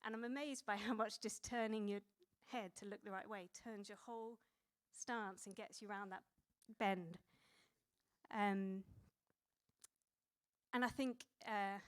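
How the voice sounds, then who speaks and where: Conversational woman preaching with a smooth voice. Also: medium pitch, steady tone, a little slow. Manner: conversational, with many fillers and self-corrections. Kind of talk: sermon.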